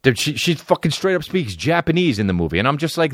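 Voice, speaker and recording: A man's voice: fast, hardly any pauses, dry recording, studio quality. Profane, rambling man on a comedic rant. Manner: profane, rambling, excitable with sudden high-pitched outbursts. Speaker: podcast host.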